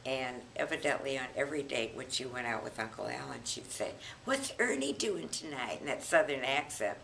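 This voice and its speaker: An elderly woman in her eighties, recounting family memories in an unhurried, reminiscing way as a grandmother being interviewed. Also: very deep voice, steady tone, creaky, a bit bright, slight background noise, poor audio. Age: 80s. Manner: reminiscing, unhurried, chuckles often.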